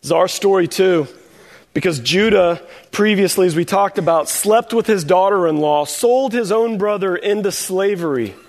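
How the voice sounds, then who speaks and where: A man's voice: sits high, moderate pace, darkish tone, in a large hall. A man preaching a sermon in a conversational way, acting out short quoted voices of the people in his story. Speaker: pastor.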